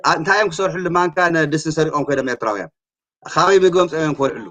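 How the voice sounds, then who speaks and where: A man's voice: fairly high pitch, animated, fairly bright tone. A man in a casual conversation, speaking indignantly with frequent hesitations. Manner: rapid, indignant, many hesitation sounds. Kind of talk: casual chat.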